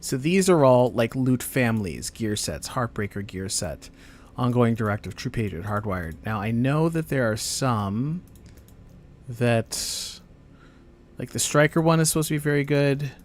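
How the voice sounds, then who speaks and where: A man's voice: medium pitch, animated, a little slow. A man giving casual commentary while he plays a video game, rambling to himself with frequent fillers and half-finished thoughts. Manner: rambling, self-talk with frequent fillers and trailing off. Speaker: gamer streaming his play. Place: home gaming setup on camera.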